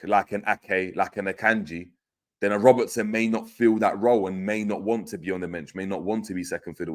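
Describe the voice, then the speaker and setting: A man hosting a casual football stream, reading out viewer comments with lots of fillers and restarts. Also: fairly low pitch. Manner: conversational, many fillers and restarts, reads out comments. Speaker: football podcast host.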